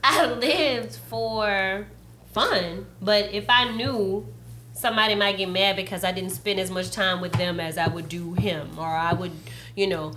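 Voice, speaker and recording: A woman's voice: medium pitch, a little slow, sharp tone, echoey room. A woman in her twenties hosting a casual chat, blunt and teasing. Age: 20s.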